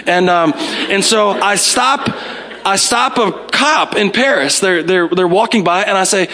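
A man from the United States in his forties, preaching a sermon as a pastor through animated, self-mocking stories, often repeating words as he starts a sentence. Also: high voice, a little slow. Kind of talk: storytelling sermon.

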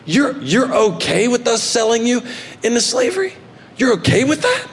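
A man's voice: high-pitched, lively intonation, moderate pace. A man voicing a scared, disbelieving brother who fires off raised, incredulous questions.

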